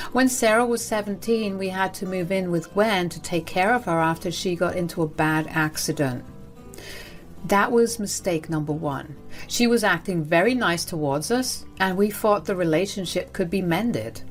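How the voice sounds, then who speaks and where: Low-voiced woman narrating a story.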